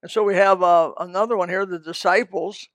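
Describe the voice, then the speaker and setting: A man with a high voice preaches a sermon in a folksy, rambling way. He drifts into asides and restarts his sentences. The sound is dry and close. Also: fairly even intonation, a little fast, fairly bright tone, no echo. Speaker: pastor.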